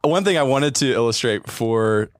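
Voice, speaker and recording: A man co-hosting a podcast in casual chat, playful and teasing, quick to laugh. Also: mid-range voice, animated, no room sound, studio quality. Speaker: podcast co-host.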